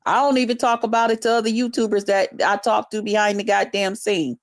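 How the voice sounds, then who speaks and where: A woman's voice: medium pitch, little pitch movement, a little fast. A woman YouTuber delivering an angry, profane livestream rant, taunting and confrontational.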